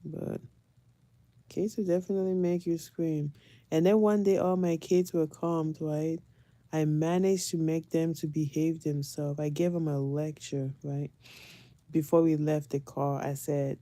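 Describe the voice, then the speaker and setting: Mom vlogger, low warm voice, dry close sound, animated and laughing. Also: female voice, measured pace, dry recording. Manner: animated, laughing, dramatic retelling. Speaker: mother of four, vlogger. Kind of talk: casual storytelling vlog.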